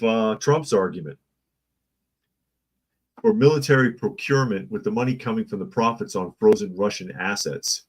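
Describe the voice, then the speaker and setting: A man with a husky, lowish voice hosts a casual news opinion show, heard on a rough recording. He reads articles aloud while sarcastically improvising jokes.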